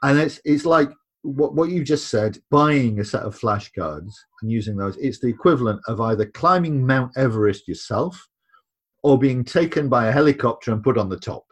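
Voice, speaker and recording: A man's voice: mid-range voice, expressive, normal speed, husky. A man speaking as a podcast guest in casual conversation, emphatic, and repeating words when he presses a point.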